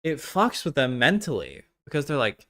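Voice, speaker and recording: Blunt, lively-voiced male streamer. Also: mid-range voice, normal speed. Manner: blunt, profane, rambling, trails off and restarts. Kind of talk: live-stream reaction commentary.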